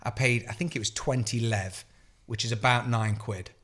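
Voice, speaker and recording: A man with a British accent telling an animated, profane story as a podcast co-host, acting out the dialogue. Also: mid-range voice, normal speed. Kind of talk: casual storytelling chat.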